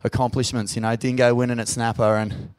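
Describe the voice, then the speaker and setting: A man with an Australian accent hosting a live podcast on stage in a pub, sweary and emotional, loud when he hypes up the crowd. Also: medium pitch, level tone, fairly quick, clean tone. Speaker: podcast host. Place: pub venue with live audience.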